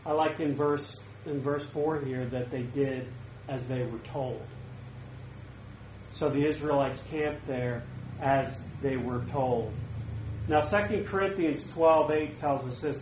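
Pastor type, man with a slightly high voice, earnest and conversational sermon delivery; echoey room. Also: a little mellow, a little hiss or hum. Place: church service. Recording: roomy, faint ambience.

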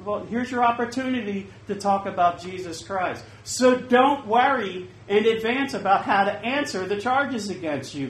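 A man preaching a sermon, swinging from loud bursts to hushed asides. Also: high voice, reverberant, rough recording.

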